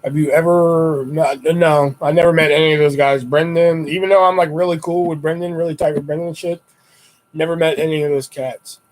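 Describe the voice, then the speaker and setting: A young man with a high, light voice hosts a casual livestream, chatting to viewers through a desktop mic. He rambles and swears freely, and his voice leaps up whenever he acts out what he said in a story. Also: brisk, poor audio. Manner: animated retelling with high-pitched quoted exclamations. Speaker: livestream host. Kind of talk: casual live-stream chat.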